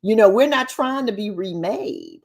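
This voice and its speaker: Woman co-host, chatty and animated, very lively voice, middle pitch, video call. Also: a little slow, vocal fry. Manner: animated, chatty, laughs often. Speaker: co-host and co-author. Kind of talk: casual chat on a livestream.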